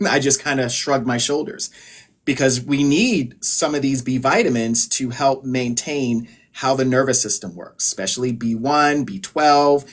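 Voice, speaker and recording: Speaking a little slowly at an ordinary male pitch, a man from the United States explains health advice to live-stream viewers like a practitioner would. He's relaxed and conversational, scattering plenty of filler phrases throughout.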